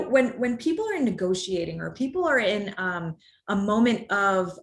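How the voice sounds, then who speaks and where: Lady running a work workshop on tough talks, chatty, middle pitch. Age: adult, parent of children. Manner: conversational, demonstrates tones with exaggerated acted examples. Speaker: workshop presenter. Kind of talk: presenting a workplace communication workshop.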